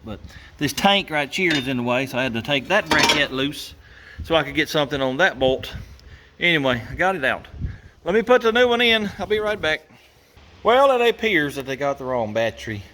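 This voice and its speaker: Folksy garage host, fairly high and lively voice, chuckles as he tinkers. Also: a little fast, a little hiss or hum. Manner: folksy, chuckling, grumbles about engineers. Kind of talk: casual workshop narration.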